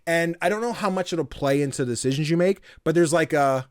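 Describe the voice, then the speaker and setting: A man co-hosting a podcast, chatting casually in a rambling way with many fillers and quick acted-out bits of dialogue. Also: medium pitch, dry recording, clean studio sound. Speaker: podcast co-host. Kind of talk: casual chat.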